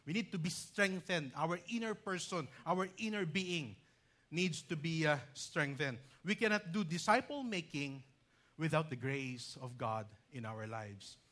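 Emphatic bright-voiced male preacher. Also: a little high. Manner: emphatic, rising loud when reading scripture lists; teacherly, explains grammar with asides like "okay". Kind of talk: sermon.

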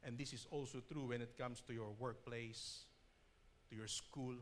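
A man preaching a sermon in his church, emphatic and drawing out key words slowly, often repeating himself as he explains. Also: mid-range voice, fairly even intonation, a little hiss or hum. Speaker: pastor.

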